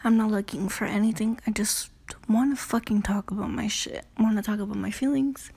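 Young woman, late teens, podcast host, breathy husky voice, dark mellow tone, rambling, self-conscious, swearing, casual solo talk. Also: medium pitch, a little fast. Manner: frequent "you know" and "I don't know".

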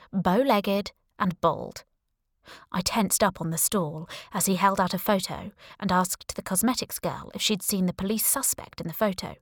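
A woman narrating a first-person audiobook with a wry, breezy touch and a middle-pitched voice. The recording is dry and close, with no room around it. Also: dry recording.

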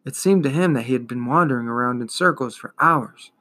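A man reading a fantasy novel aloud in a measured, expressive storytelling manner. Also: medium pitch. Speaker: reader.

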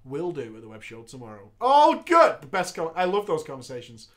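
A man's voice: a little high, a little fast. A man hosting a show, reading a viewer's gaming story aloud with crude, laughing comedic commentary. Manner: animated, profane, laughs often.

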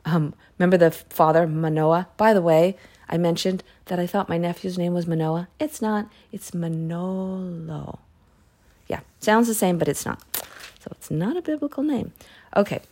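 A woman's voice: on the low side, moderate pace, dark tone. A woman casually retelling Bible stories in a chatty way, with self-corrections and side remarks. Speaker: Bible reading podcaster.

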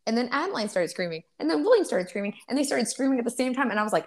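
A woman's voice: fairly high pitch, lively intonation, rapid-fire. Woman, casual chat co-host, dry matter-of-fact storytelling. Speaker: podcast co-host.

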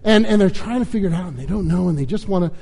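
A pastor talking casually and chattily in a slightly higher voice, trailing off into fillers as he retells a story. His voice carries through a large sanctuary with a long reverb. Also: lively intonation, racing, vocal fry, warm tone, breathy edge. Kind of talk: sermon with storytelling.

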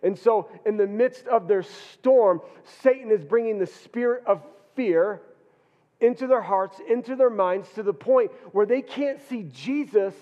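A man's voice: sits high, unhurried, warm tone. A male pastor preaching a sermon, earnest, often repeating words as he builds his point. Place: church hall. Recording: dull reverberant church hall.

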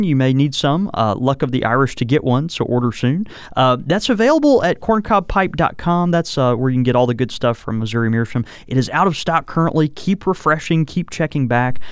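A man with a smooth, resonant voice, co-hosting a relaxed podcast and rambling along with plenty of "uh" and "you know." The sound is dry and close to the mic, with no room around it. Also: mid-range voice, no room sound. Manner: rambling, many fillers and restarts. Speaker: podcast co-host. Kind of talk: casual chat about pipes.

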